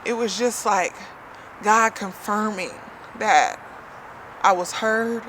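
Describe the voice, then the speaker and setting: A woman's voice: medium pitch, slow, fairly bright tone, a little hiss or hum. A woman vlogging a casual personal story and spiritual testimony, chatty and heartfelt, full of "you know" fillers.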